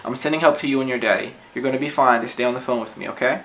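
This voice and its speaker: A man voicing a calm, steady emergency dispatcher in a recited poem. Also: mid-range voice, very fast, slight background noise, close to an everyday voice.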